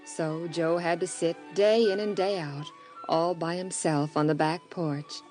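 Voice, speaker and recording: A woman narrating a radio Bible story in a calm, measured way. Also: on the low side. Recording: music under the voice.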